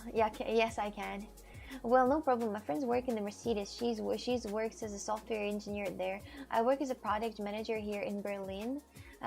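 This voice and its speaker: Chatty woman streamer with a gravelly edge. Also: mid-range voice. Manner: chatty and playful, laughs often, greets viewers warmly. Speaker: live streamer. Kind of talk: casual livestream chat, reading viewer messages aloud. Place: at home.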